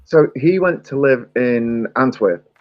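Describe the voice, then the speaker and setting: A man's voice: medium pitch, lively intonation, slow pace, no echo, lo-fi sound. A man with a Staffordshire accent chatting casually as host, rambling and fond of accents. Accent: Staffordshire English. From England. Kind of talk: casual chat.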